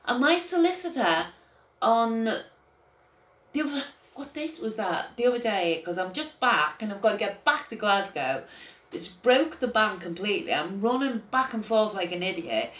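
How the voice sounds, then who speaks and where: Older woman ranting about what happened to her, goes quiet then loud, swears, roomy echo. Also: medium pitch, big pitch swings, measured pace. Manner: agitated, swinging between quiet and loud outbursts, swearing. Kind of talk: emotional personal account to camera.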